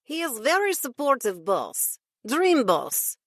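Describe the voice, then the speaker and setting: A woman's voice: high-pitched, huge pitch swings, takes it slowly, dry recording, clean studio sound, pitched above the performer's own voice, exaggerated voice. A woman putting on a wry young Russian-accented woman. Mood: teasing. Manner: clipped, drops articles.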